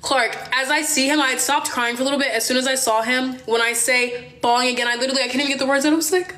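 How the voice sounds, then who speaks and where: A woman's voice: high-pitched, steady tone, rapid-fire, sharp tone. A young woman vlogger telling a dramatic, profanity-laced story on a livestream, with lots of fillers.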